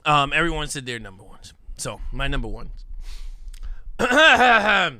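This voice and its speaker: A man's voice: a little high, very animated, a little slow, vocal fry, pushed and bright, no echo. A man hosting a casual film chat podcast, playful and joking, laughing often. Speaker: podcast host.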